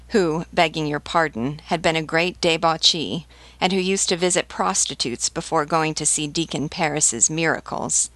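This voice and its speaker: A disdainful old marquis with impeccable breeding speaks in a low, level voice, as a woman reads him aloud. He never presses a word, letting his contempt sit quietly under every calm phrase. The voice sounds close and dry, as in a storybook reading. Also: no echo. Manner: calm, unhurried, unstressed delivery. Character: aged aristocratic male marquis, calm, scornful, well-bred.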